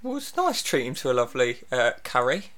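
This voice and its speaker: A man's voice: medium pitch, huge pitch swings, quick pace, fairly bright tone. A man hosting a radio show, telling rambling anecdotes in dry casual banter and mimicking the people in them.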